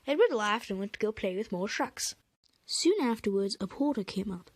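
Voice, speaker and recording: A woman narrating a children's train story in a soft, storytelling way. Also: medium pitch, expressive, normal speed, no echo. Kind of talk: storybook reading.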